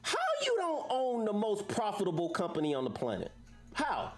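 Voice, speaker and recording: Animated sounding woman livestreaming. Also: mid-range voice, normal speed, faint music behind. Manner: animated, preachy, rhetorical questions. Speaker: livestream host. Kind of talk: casual livestream chat with viewers.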